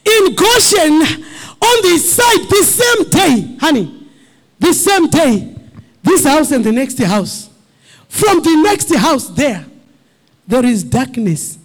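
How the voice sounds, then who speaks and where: A male pastor preaches a sermon in a very high-pitched voice with big pitch swings, speaking slowly and pausing often. He rises to shouted, crying peaks and repeats short refrains, his voice sometimes drifting away from the mic.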